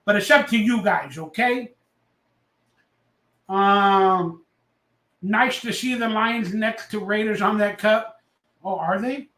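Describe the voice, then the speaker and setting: A man hosting a casual livestream, loud and rambling, a little tipsy as he reads out chat messages. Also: sits high, slow, long pauses, echoey room. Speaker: livestream host.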